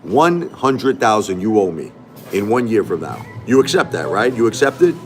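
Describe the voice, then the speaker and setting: A man's voice: fairly low pitch, big pitch swings, moderate pace, a little hiss or hum. A middle-aged man hosting a casual livestream, talking back to his chat in an emphatic, repetitive way. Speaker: livestream host.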